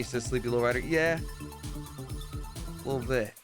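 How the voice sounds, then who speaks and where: A male streamer talks to his chat while gaming, upbeat and slangy, quick to say sorry. His voice sits at a middling pitch. Loud game music plays behind him. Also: expressive.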